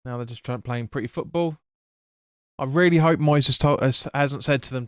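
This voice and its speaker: A man's voice: medium pitch, moderate pace, clear, resonant tone, dry recording, studio quality. A man hosting a live football watch-along, chatting casually, swearing and stumbling over player names. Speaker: fan stream host.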